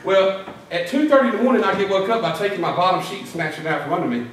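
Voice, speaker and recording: Recorded from far off in an echoey church, with a little hiss or hum, a middle-aged man preaches in the sanctuary using a high, racing voice. He tells folksy stories and slips into drill-sergeant impressions.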